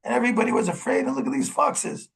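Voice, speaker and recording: A man's voice: sits high, normal speed, vocal fry, a little mellow, voice pushed up. A man voicing a group of grieving ancient male sages in a retold story, lamenting with rising questions. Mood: distressed.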